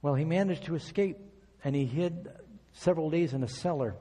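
A man's voice: fairly high pitch, fairly quick, mellow, breathy edge, big-room sound. A man preaching a sermon, reading scripture aloud and acting out quoted prayers as he tells stories.

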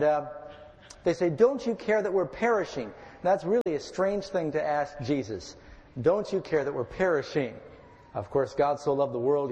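A male pastor delivering a sermon in a fairly high voice, reading scripture and then explaining it. His delivery is measured and expressive. The recording carries a long reverb tail. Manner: measured, expressive preaching with occasional fillers.

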